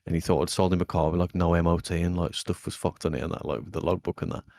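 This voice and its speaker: A young man with a very low voice, co-hosting a podcast in loose, sweary chat. He tells his stories with animated energy, and his voice sounds close and dry with little room sound. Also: racing, dry recording. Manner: swears a lot, animated storytelling. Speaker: podcast co-host. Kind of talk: casual chat.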